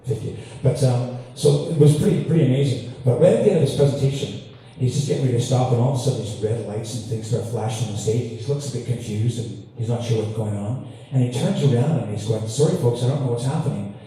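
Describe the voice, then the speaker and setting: A man from Canada, a guitarist, tells self-deprecating stories from the stage with an easy, laughing delivery. His voice is dark and mellow. The sound carries a long, echoey hall reverb and is caught from a distance. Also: medium pitch, quick pace. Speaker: guitarist telling stories between songs. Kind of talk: on-stage storytelling banter. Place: large hall with audience. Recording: echoey hall, distant mic, faint ambience.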